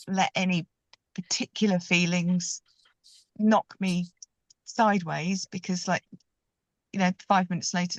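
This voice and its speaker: A woman on a book club video call from a parked car, chatty and expressive. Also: lowish voice, dry recording. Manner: chatty and expressive, animated when telling anecdotes. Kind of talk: casual group video call discussion.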